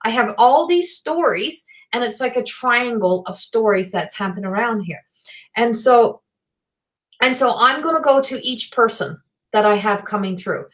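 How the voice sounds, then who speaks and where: A middle-aged woman, giving a live psychic reading in a rambling, excitable way and swearing freely. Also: fairly high pitch, normal speed. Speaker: psychic medium.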